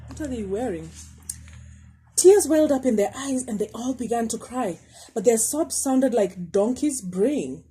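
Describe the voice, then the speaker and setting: A woman teacher reading a picture book aloud to children, pausing to ask questions about the pictures. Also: a little high, husky, poor audio. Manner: lively, asks the listener questions about the pictures.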